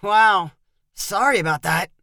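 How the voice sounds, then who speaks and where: A woman's voice: mid-range voice, a little slow, bright, forceful tone, no echo, clean studio sound. A woman voicing a whiny, flippant young man. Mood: sheepish. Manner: whiny, complaining.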